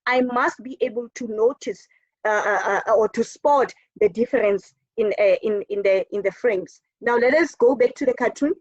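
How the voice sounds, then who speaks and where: A woman's voice: a little high, moderate pace, no room sound. A woman teacher with a South African English accent giving a recorded lesson, emphatic, repeating words for stress and answering her own questions. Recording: dull, dry lo-fi recording.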